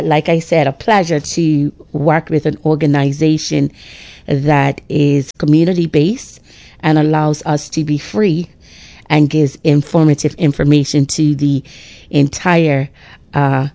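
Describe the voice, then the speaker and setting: A middle-aged woman speaks a bit slowly on a radio talk show, her deep, low voice steady, gravelly, and warm as she emphatically preaches faith and restarts lines. It's a dry, close recording with no room around it.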